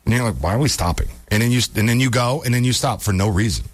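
A man's voice: mid-range voice, fast, no echo. A man hosting a radio talk show, chatting casually and telling stories with playful repetition. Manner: animated storyteller, repeats words for comic effect. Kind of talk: casual on-air chat. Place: radio studio.

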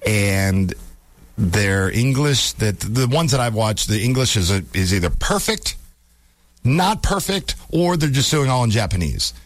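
Lively low-voiced male radio host. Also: unhurried, dry recording. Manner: animated storyteller, repeats words for comic effect. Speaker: radio talk show host. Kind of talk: casual on-air chat. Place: radio studio.

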